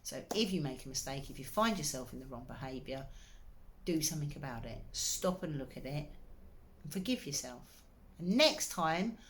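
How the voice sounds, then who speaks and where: A woman with a notably low voice talks straight to her listener in a personal advice talk. She is earnest and encouraging, pressing her points home. There is a slight irritation in her throat. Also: slight background noise. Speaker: wellbeing coach. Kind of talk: direct-to-camera advice talk.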